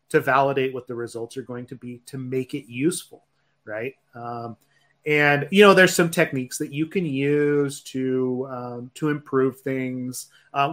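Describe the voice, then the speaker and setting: Measured man explaining tech on a podcast. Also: medium pitch, a bit bright. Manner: measured explainer, tags points with "right?". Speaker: podcast co-host. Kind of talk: casual tech podcast chat.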